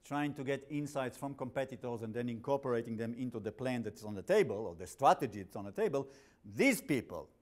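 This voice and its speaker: Blunt, animated male instructor with an accent. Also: medium pitch, a little fast. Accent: non-native English. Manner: animated, blunt, jokey, with frequent restarts. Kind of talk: classroom lecture.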